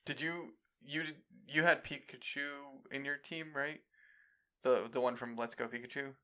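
Man with a very bright, sharp voice. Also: mid-range voice, fairly even intonation, moderate pace. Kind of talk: casual chat.

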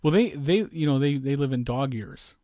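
A man's voice: medium pitch, expressive, moderate pace, dark tone, no room sound, studio quality. A man co-hosting a podcast in casual chat, teasing his co-host with wry interjections.

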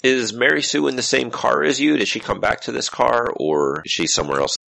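A man narrating as game master of a tabletop role-playing game, explaining scenes in a relaxed way. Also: mid-range voice, brisk, vocal fry, dry recording.

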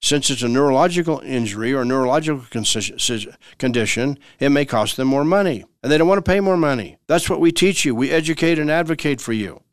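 A man's voice: medium pitch, expressive, fast talker, few pauses, smooth, no echo, clean studio sound. A man, a lawyer hosting a legal radio show, giving conversational legal advice in an emphatic, repetitive way, sometimes acting out everyday dialogues.

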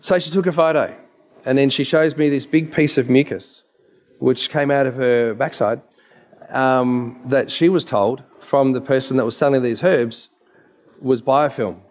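A man's voice: medium pitch, a little slow, darkish tone. A man, a naturopath giving an emphatic, story-filled presentation with slides.

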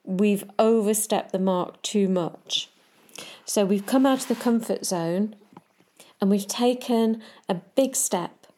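A woman riding coach giving calm, measured advice straight to the listener in a podcast talk. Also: mid-range voice.

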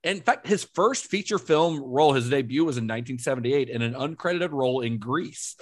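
A man's voice: mid-range voice, a little fast. Man chatting about film trivia. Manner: relaxed, laughs often, recounts researched trivia. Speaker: podcast co-host. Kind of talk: casual film podcast chat.

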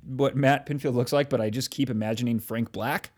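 A man's voice: medium pitch, steady tone, a little fast, darkish tone. A man co-hosting a casual podcast, rambling, swearing often and trailing off while hunting for names. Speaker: podcast co-host. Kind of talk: casual chat.

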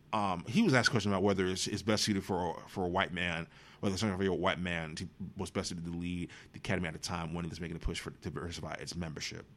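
A man's voice: low-pitched, fairly bright tone. A man hosting a podcast, giving profane, sarcastic commentary on movie news. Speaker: podcast host.

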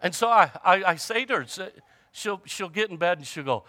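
A pastor preaches conversationally, chatting with the congregation, calling out to the audience, joking about everyday trouble, and reading scripture aloud. His voice sits high, bright and forceful, at normal speed.

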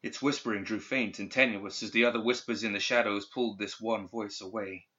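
Man narrating a story, bright voice. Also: on the low side, brisk, breathy edge. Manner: steady, even storytelling. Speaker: audiobook narrator. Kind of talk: scripted narration. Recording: dull lo-fi recording.

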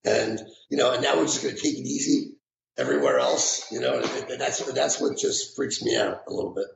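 A middle-aged man with a gravelly voice tells his memories in a halting way, restarting and repeating words. The sound is echoey. Faint background noise sits under it. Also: mid-range voice. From New York. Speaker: retired firefighter guest. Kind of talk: emotional interview recollection.

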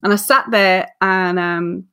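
A woman's voice: fairly low pitch, steady tone, slow, pushed and bright, smooth. A woman in her forties, a guest author on a podcast, telling a story with energy, acting out her own self-talk and laughing at herself. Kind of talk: casual podcast interview.

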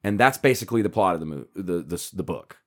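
A man's voice: deep voice, expressive, fast talker. A man co-hosting a podcast, explaining a book's ideas in a rambling casual chat with many fillers and restarts. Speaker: podcast co-host.

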